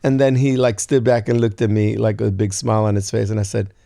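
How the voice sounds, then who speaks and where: A man in his sixties telling a long story as an interview guest, acting out quoted lines in a higher voice. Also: quick pace, creaky, no room sound. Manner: animated storyteller, acts out quotes in a high voice. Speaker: guest songwriter.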